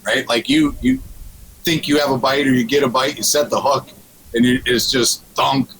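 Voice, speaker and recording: A man's voice: mid-range voice, expressive, moderate pace, vocal fry, fairly bright tone, a little hiss or hum, low-quality recording. A man guesting on a radio show, telling a fishing story in casual chat, with frequent restarts and laughs. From Minnesota.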